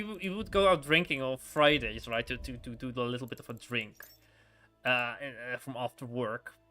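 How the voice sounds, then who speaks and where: Bright-voiced man rambling over gameplay. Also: medium pitch, clean tone. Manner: rambling, chuckles often, many restarts. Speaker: gamer playing a story game. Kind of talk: casual let's-play commentary.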